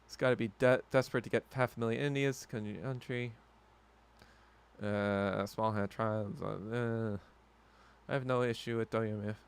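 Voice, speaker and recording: A man hosting a solo podcast, ranting heatedly and with heavy profanity, swinging from low muttering to loud outbursts. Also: steady tone, moderate pace, vocal fry, smooth. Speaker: podcast host.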